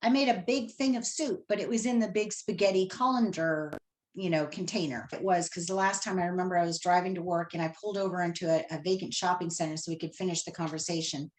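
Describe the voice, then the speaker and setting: A middle-aged woman calling in to tell an emotional personal story, animated and acting out the dialogue she recalls. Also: fairly low pitch, fast. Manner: animated retelling, acts out dialogue. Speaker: caller telling of a reading.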